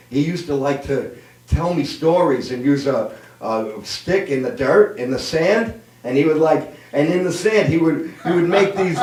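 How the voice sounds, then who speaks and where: A man's voice: on the high side, a little mellow, far from the mic. A man in his fifties hosting a comedy show, telling old jokes and family stories and laughing at his own lines. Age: 50s. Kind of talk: stand-up joke telling. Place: live streamed show room. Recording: roomy, away from mic.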